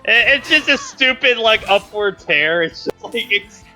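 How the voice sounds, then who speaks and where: A man with a high, bright voice speaks slowly in casual gaming chat, pausing with fillers as he thinks. His tone moves lively up and down, with faint game music behind. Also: low-quality recording. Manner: hesitant, many fillers, laughing.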